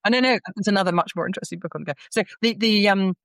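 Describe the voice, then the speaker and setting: A woman's voice: mid-range voice, very fast, no echo. A middle-aged woman, an author being interviewed, telling stories and acting out the dialogue. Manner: animated, acts out quoted dialogue, frequent restarts. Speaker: author guest. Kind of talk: conversational interview storytelling.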